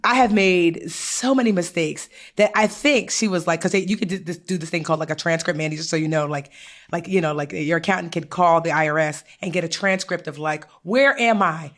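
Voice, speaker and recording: A woman co-hosts a podcast, offering casual financial advice in a lowish voice at a brisk pace. She acts out her own inner thoughts through lively quoted asides.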